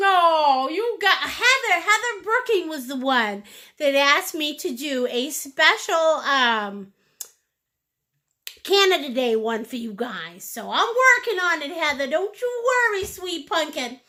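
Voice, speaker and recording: A woman's voice: high-pitched, expressive, measured pace, sharp tone. A woman teaching a live-streamed painting class, bubbly and playful as she chats with her viewers. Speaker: painting instructor.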